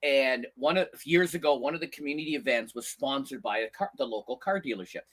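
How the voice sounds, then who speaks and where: A man with a bright, husky voice chats as co-host of a live stream. His pitch rises and falls a lot as he tells animated stories. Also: fast talker. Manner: animated storyteller, acts out quotes. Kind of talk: casual chat.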